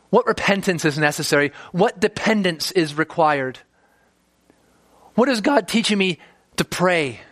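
Brief: male preacher, earnest and emphatic, slightly higher voice, dry booth-like sound. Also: a bit bright, no room sound. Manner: earnest, emphatic, rhetorical questions. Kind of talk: expository sermon.

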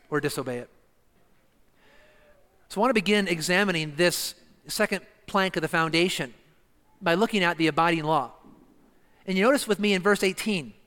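A man preaching an expository sermon, emphatic and slowing down to stress key words. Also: high-pitched, a bit bright, clear, resonant tone. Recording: long reverb of a church hall.

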